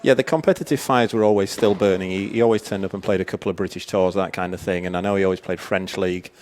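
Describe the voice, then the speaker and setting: A man's voice: low voice, steady tone, fast, a little mellow. A man working as a tennis co-commentator, chatty analysis with frequent restarts.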